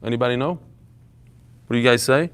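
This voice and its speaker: A man leading a live Talmud class before a small audience, telling stories in a lively way and mixing in Hebrew and Yiddish terms. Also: medium pitch, fast talker, clean tone. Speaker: Talmud teacher.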